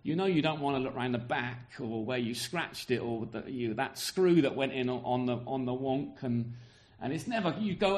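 A man's voice: mid-range voice, expressive, normal speed. A man preaching a sermon, earnest and emphatic, often repeating words as he builds his point and speaking partly to the children present. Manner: addresses children in the congregation.

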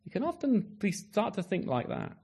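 A man's voice: high-pitched, wildly swooping pitch, moderate pace, creaky, a little mellow. A man preaching a sermon in an earnest way, often asking his listeners rhetorical tag questions and repeating words as he restarts.

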